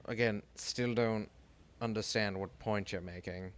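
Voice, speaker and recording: A man's voice: on the low side, fairly even intonation, measured pace, smooth. A man in a casual tabletop role-play session, exasperated and swearing freely as he narrates his own actions.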